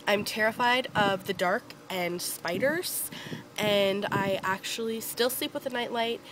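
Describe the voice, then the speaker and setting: A young woman from Northern Ontario talks casually to her camera outdoors. She rambles through little stories with plenty of fillers and giggles, at an ordinary middle pitch. A faint noise sits under the outdoor recording. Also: unhurried. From Northern Ontario, Canada. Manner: chatty, filler-heavy, giggly storytelling. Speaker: beauty vlogger.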